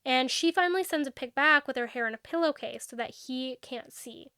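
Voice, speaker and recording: A young woman with a high, smooth, resonant voice chats through a book recap for her podcast. She tells the story animatedly, dropping into snappy quoted dialogue as she goes. The sound is dry and close, with no room around it. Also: brisk, bright, forceful tone, no room sound. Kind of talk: casual book recap chat.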